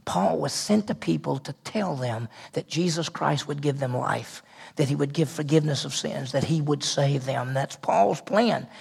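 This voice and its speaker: Man, pastor, conversational sermon, gravelly and husky, slightly high voice. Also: normal speed, darkish tone. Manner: conversational preaching with asides and repeated phrases.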